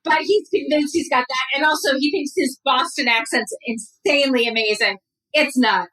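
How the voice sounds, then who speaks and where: Bright-voiced woman chatting animatedly. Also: high-pitched, moderate pace, distant mic, low-quality recording. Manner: animated, joking storyteller. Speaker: podcast guest. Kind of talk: casual chat.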